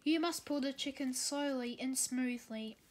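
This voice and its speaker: An instructive little tank engine from a storybook, patiently telling a newcomer what to do, as a woman reading aloud puts him on. The voice sits high and moves slowly, with plain reasoning in each line. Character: helpful but bossy-sounding male tank engine.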